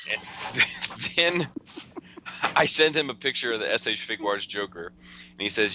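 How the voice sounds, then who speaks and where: Speaking a little slowly in a fairly low voice, a man hosts a laid-back podcast against a noisy background. He keeps chuckling and restarting as he meanders through messages a friend sent him.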